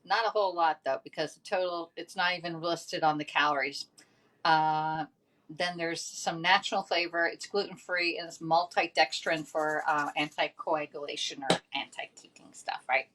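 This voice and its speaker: Woman, casual home cooking host, rambling and self-amused, lowish voice. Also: steady tone, moderate pace, a bit bright. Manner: chatty, rambling, laughs at herself. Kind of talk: casual cooking demo chat.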